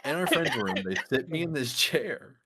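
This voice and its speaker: A man casually telling a story among friends, animated and laughing often as he goes. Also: medium pitch, normal speed, husky. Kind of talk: casual chat.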